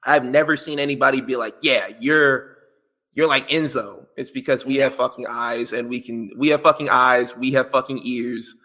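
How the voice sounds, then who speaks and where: A man's voice: medium pitch, fairly even intonation, moderate pace, bright, forceful tone. A man co-hosting a podcast in casual chat, reading out listener answers in a joking, slangy, playful way. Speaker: podcast co-host.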